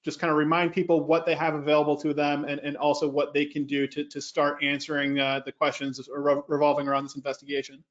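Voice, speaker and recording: Male webinar moderator, even monotone delivery, muffled call sound. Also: fairly high pitch. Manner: brisk, relays audience questions. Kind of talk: moderating questions. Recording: dull lo-fi call audio.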